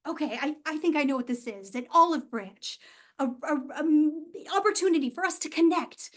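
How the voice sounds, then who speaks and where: A woman giving a humorous storytelling speech, wry and self-mocking, with dramatic pauses and sighs. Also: high voice, expressive. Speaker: club speaker. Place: event hall.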